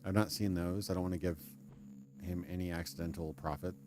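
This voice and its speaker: A deep-voiced man hosting a live game stream. He talks in a loose, rambling way, ranting and restarting his sentences as he goes, and breaks off now and then to read in-game text aloud. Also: steady tone, a little fast, over music. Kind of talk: casual live-stream commentary.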